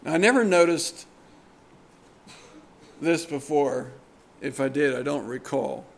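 A man preaching a sermon in a deliberate, earnest way, pressing hard on key words. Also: on the high side.

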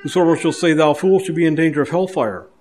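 A man preaches a sermon in an earnest, emphatic way, circling back over his words and restarting phrases as he builds a point. His voice sits a little higher than most men's. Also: quick pace, a little mellow, a little hiss or hum. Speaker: pastor.

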